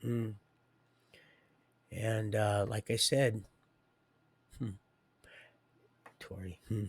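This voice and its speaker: An older man hosting a livestream, giving a halting, preachy spiritual monologue that drops to whispers and rises to loud declarations. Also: lowish voice, fairly even intonation, breathy edge, no room sound. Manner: halting, many restarts. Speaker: livestream host.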